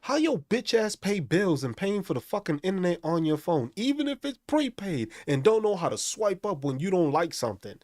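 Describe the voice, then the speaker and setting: A man rants angrily into the mic, swearing constantly and mocking the people he talks about. His voice sits a little high and swings widely up and down. The sound is dry and close, with no room echo. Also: very animated, moderate pace, few pauses, darkish tone. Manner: angry, profane, mocking. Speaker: host. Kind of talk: profane ranting commentary.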